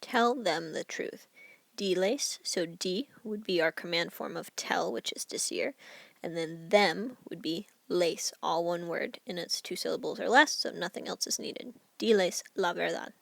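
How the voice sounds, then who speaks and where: Woman teacher with a gravelly edge. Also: on the low side, unhurried, a bit bright, no echo. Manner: clear step-by-step explaining. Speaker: Spanish teacher. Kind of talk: recorded grammar lesson.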